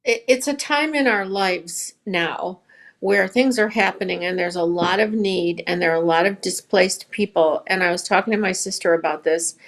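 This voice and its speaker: A woman's voice: medium pitch, vocal fry. A woman who runs a yarn shop, talking as a guest in a casual podcast conversation and telling stories earnestly. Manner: earnest, storytelling.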